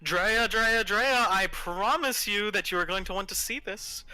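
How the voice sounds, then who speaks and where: A man's voice: high-pitched, unhurried, bright, forceful tone, clean tone, faint music behind, pitched above the performer's own voice, full character voice, rough recording. A man voicing a tall, smug male villain with bone wings who speaks with mocking, false politeness.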